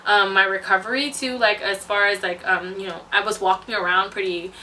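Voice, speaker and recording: Bright-voiced young woman telling her story. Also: mid-range voice, far from the mic, slight background noise, rough recording. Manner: chatty and animated, quick laughs, many fillers. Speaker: vlogger sharing her birth story. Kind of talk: casual storytelling to camera.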